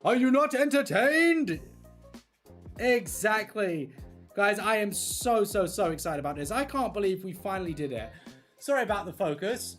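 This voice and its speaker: An excitable livestream host gushes to chat while colouring a page, the voice swinging up and down. Faint music plays quietly behind the talk. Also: mid-range voice, normal speed. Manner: excitable and gushing, talking to chat.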